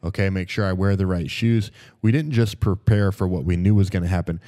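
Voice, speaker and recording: A man's voice: low voice, brisk, mellow. A man co-hosting a motivational podcast, speaking with emphatic repetition and drawing on military experience. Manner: emphatic, repeats phrases for stress. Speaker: podcast co-host.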